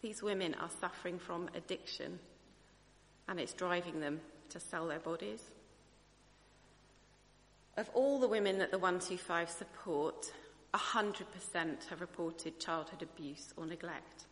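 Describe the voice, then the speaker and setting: A woman's voice: fairly low pitch, measured pace, long reverb tail. A woman preacher giving a sermon. She speaks in an earnest, conversational way and thinks aloud as she goes.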